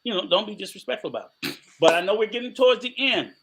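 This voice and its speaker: An older man co-hosting a podcast in casual chat, telling animated stories, laughing often and acting out other people's voices. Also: high-pitched, fast talker, noisy background. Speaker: podcast co-host.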